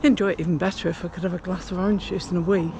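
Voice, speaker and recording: A woman's voice: on the low side, fairly even intonation, very fast, noisy background. An older woman chatting casually to camera while walking outdoors on a pilgrimage trail, rambling with many fillers. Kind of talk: casual walking vlog chat. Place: outdoors on country paths.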